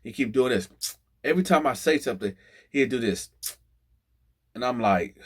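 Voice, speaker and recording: A man telling a story in a casual storytime vlog, animated and acting out the people in it. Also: medium pitch, normal speed, pauses often, husky.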